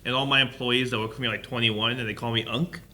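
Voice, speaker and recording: A man in his late twenties, a guest in casual live podcast chat, bantering wryly and deadpan. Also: medium pitch, fast talker. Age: 20s.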